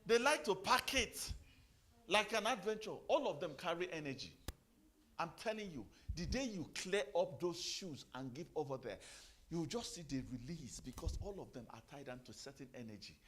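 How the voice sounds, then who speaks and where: A man's voice: a little high, animated, moderate pace, a bit bright. A middle-aged man giving a motivational sermon, firing rhetorical questions, repeating phrases and giving the audience commands. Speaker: motivational speaker.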